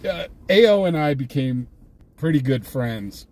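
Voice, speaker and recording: An older man with a slightly high, darkish, animated voice speaks unhurriedly from inside a vehicle. An independent scanner-chasing reporter on a live stream, he tells a long, amused story casually, rambling and restarting often.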